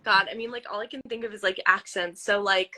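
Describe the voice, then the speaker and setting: Bright chatty voice-actress woman. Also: mid-range voice, fast talker. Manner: chatty, upbeat, animated with lots of fillers. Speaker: voice actress guest. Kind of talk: casual chat.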